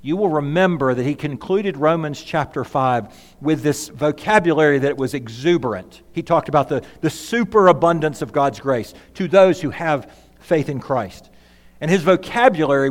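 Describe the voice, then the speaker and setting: A man preaching a sermon as pastor, emphatic, swinging between loud and hushed. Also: on the high side, normal speed. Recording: long reverb of a large hall.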